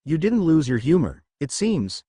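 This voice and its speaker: A man's voice: fairly high pitch, very animated, moderate pace, dark tone, breathy edge, no room sound, clean studio sound, voice pushed up. A man reading as a teasing, cheerful woman hero. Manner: teasing, playful. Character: cheerful flirtatious adult woman hero, laughing.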